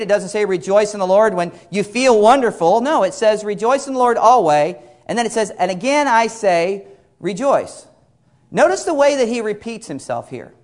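Man, high voice, middle-aged, earnest preacher, repeats lines for emphasis. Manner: earnest, repeats phrases for emphasis, quotes scripture at length. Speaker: pastor. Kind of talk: sermon.

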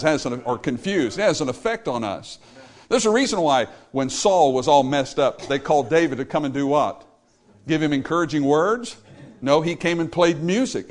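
Emphatic male preacher. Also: a little high. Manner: emphatic, talks straight to the congregation; sings short phrases as examples. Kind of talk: sermon on music.

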